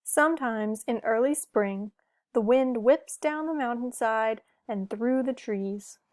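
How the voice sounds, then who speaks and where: A woman reading a picture book aloud to children, gentle and asking the listener questions. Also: a little high, slow, no room sound, studio quality. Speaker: storybook reader.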